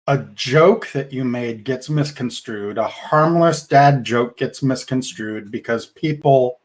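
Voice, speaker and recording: A man co-hosting a podcast, talking in a thoughtful, measured way with frequent restarts. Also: mid-range voice. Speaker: podcast co-host. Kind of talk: casual podcast discussion.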